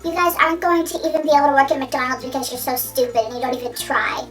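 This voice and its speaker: A young woman mimicking a harsh, contemptuous middle-aged woman teacher in a shrill, belittling voice. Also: flat delivery, fast, distant mic, soft background music, close to an everyday voice. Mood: scornful.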